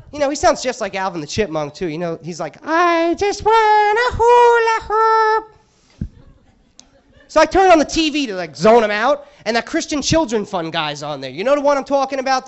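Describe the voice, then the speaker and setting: A male stand-up comic performs in a club, ranting crudely and sarcastically about his frustrations. His voice sits high and swings widely in pitch. The live recording sounds dull and lo-fi. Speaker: stand-up comedian. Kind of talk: stand-up comedy set. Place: comedy club stage.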